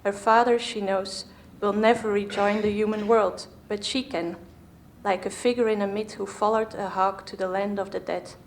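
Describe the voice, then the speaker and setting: A woman moderating a conference, talking thoughtfully with hesitations in a theatre hall. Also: mid-range voice. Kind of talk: talk at a conference.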